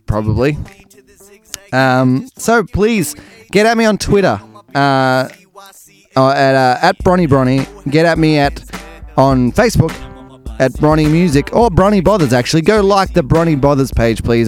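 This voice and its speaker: A man's voice: mid-range voice, lively intonation, moderate pace. A man hosting a podcast, chatting casually with jokes, asides and lots of ums. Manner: jokey, rambling, full of ums and asides. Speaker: podcast host. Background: faint music, stopping near the end.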